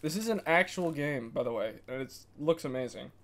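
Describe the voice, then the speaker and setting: Excitable young male streamer. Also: a little high. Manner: excitable, laughing, quick reactions. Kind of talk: casual gaming commentary. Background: faint game music.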